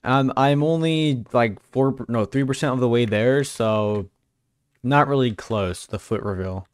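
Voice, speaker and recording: A man's voice: mid-range voice, measured pace, clean tone, dry recording, clean studio sound. A young man live-streaming a game, chatting casually and teasing his viewers in a joking way. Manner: joking, teasing chat banter.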